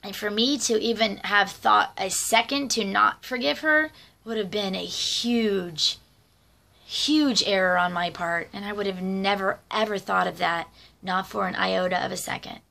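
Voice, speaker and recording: Brief: middle-aged woman, vocal fry, mid-range pitch, chatty rambling storyteller for a vlog. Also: a little slow, sharp tone. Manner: rambling, conversational, many fillers and asides. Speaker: vlogger. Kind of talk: casual personal storytelling.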